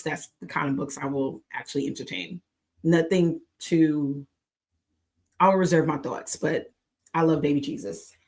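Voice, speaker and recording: American woman running a book club stream, casual and playful, kinda low voice. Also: fairly bright tone. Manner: chatty, playful, laughing asides. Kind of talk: casual livestream chat.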